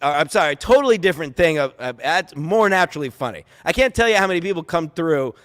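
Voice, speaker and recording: A man ranting on a podcast as a guest, profane and heated, often breaking into shouts. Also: fairly high pitch, animated, quick pace, big-room sound.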